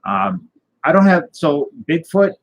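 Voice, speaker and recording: A man hosting a casual live stream, rambling through a deadpan tall tale and chatting with viewers. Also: on the high side, unhurried, poor audio. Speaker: host.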